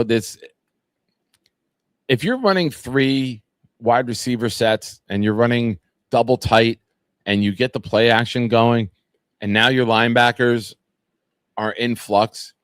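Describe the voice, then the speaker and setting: A man with a lowish voice hosts a sports talk show as a casual live stream, rambling through profane stories and reading fan comments. The sound is studio quality, with no echo.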